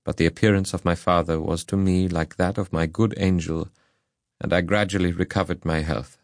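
A man narrating an audiobook in a measured, solemn reading. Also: low voice, fairly even intonation, no echo, clean studio sound.

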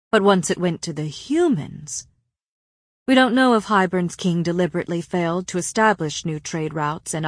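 A woman's voice: fairly low pitch, no echo, studio quality. A woman voicing a scornful ancient female fae. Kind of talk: audiobook character voice.

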